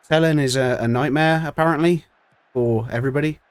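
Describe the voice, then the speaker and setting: A man's voice: a little high, a little fast, no room sound. A man giving ranting, sweary commentary on a football management game, exasperated with his team. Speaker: streamer.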